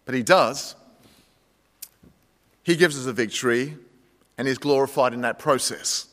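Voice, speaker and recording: A man's voice: mid-range voice, unhurried, fairly bright tone, long reverb tail. A male pastor preaching a conversational sermon, addressing the congregation as friends and telling a story. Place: church sanctuary.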